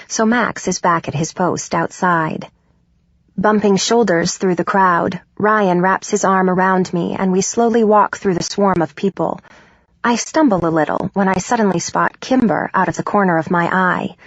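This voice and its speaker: A woman narrating a first-person audiobook in a steady, even way. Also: on the low side, no echo. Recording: dull, dry studio recording.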